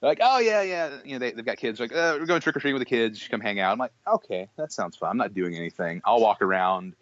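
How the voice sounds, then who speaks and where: A man's voice: medium pitch, fast talker, no echo. A young man spins a long story on a comedy podcast, tripping over his own restarts and slipping into quoted voices. His voice sits in a middling register. The sound is dry and a little dull, with no room around it. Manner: animated storyteller, many restarts, acts out quotes. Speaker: podcast co-host. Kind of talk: casual chat.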